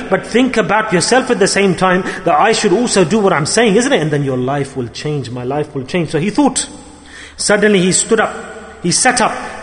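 High-voiced man preaching in a reverberant hall. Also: fairly bright tone. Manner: impassioned, rises and falls in emphasis, quotes figures in his own voice. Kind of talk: sermon storytelling.

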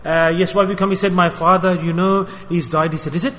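A man delivers a storytelling sermon, addressing his listeners as brothers and voicing each character's words. His voice sits high and bright. A long reverb hangs on every phrase. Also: fast. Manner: lively storyteller addressing brothers, acting out quotes. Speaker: preacher. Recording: reverberant hall.

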